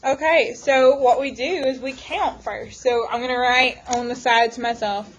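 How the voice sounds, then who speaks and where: A woman math teacher lecturing her class, firing off quick questions to the students. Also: on the high side, a little hiss or hum, low-quality recording.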